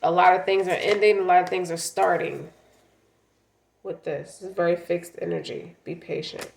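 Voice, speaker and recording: A woman's voice: on the low side, steady tone, normal speed, creaky, a little mellow, reverberant, slight background noise. A woman giving a casual, blunt tarot reading, swearing freely and sometimes speaking as the listener's partner. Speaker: tarot reader.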